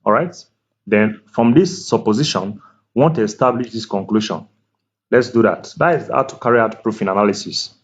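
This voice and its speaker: In a dull, lo-fi recording, a mid-range male voice tutors math at a whiteboard. He goes slowly and deliberately, repeats key words, and checks in with questions like "can you see that?"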